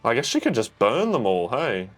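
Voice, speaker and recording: Animated young man reacting to TV. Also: medium pitch, normal speed. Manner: swearing, yelling at the screen. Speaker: reaction video host. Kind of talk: casual TV reaction commentary.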